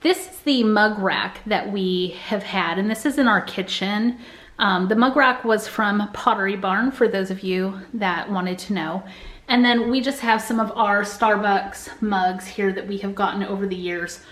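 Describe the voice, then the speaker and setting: A woman's voice: mid-range voice, measured pace, fairly bright tone. Chatty woman vlogging. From United States. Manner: chatty and friendly, showing things as she talks. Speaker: family vlogger. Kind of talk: casual vlog chat to camera.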